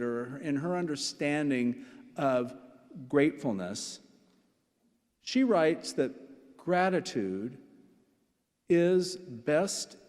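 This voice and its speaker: An older man in his sixties preaches a sermon at an unhurried pace. He tells stories with asides and repeats key phrases, his voice ringing with long reverb from a church hall. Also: a little high, a little mellow. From Nebraska. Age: 60s. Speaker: pastor. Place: church sanctuary.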